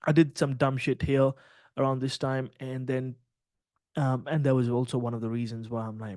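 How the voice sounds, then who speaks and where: A man's voice: medium pitch, level tone, normal speed, a little mellow, no echo. A man who mentors traders talks to his students over a video call. He rambles, swears often and drops slang as he tells a story. His voice sits mid-range, and the sound is dry and close. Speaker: trading mentor.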